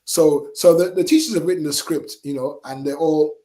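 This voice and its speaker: Animated man, slightly high voice. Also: moderate pace. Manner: animated, lively storytelling with chuckles. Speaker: radio guest, singer and entertainer. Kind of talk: casual interview storytelling. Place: radio studio.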